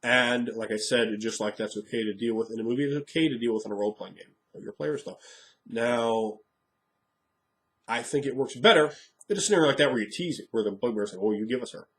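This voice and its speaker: Male game master, casual rambling monologue, frank, mid-pitched. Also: fairly quick. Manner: frank, rambling, thinking aloud.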